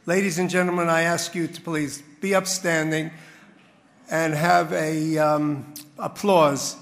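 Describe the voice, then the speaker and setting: A man with a gravelly, slightly raised voice hosts a community dinner. He tells a parable with comic timing and then rouses the audience. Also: on the high side, little pitch movement, unhurried, fairly bright tone, long reverb tail. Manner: storytelling with crowd-rousing build-ups. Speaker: master of ceremonies at a community dinner. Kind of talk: after-dinner speech.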